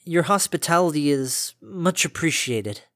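A man's voice: fairly high pitch, animated, unhurried, a bit bright, no room sound, clean studio sound. A man voicing a nervous young female pegasus in a storybook reading, awkwardly polite and hesitant. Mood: flustered.

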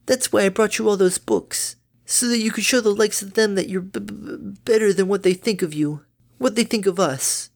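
A woman's voice: mid-range voice, moderate pace, darkish tone, pitched above the performer's own voice, lightly acted. A woman voicing a clumsy, doting mother pony who stammers over her words in a fan fiction reading. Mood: tender. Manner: stammers on words, bubbly and tender.

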